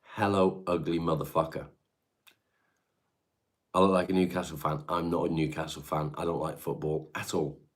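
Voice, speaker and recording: A middle-aged Englishman from Devon hosts a livestream from his home, reading chat and answering viewers in a casual, blunt way while swearing freely. His voice rumbles low, with a flat delivery, a moderate pace and long pauses.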